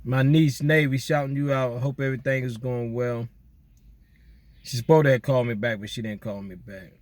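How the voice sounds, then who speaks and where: A man chatting casually outdoors at night, giving relaxed, slangy shout-outs to his listeners. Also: mid-range voice, brisk, dry recording. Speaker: vlogger doing viewer shout-outs. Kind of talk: casual chat.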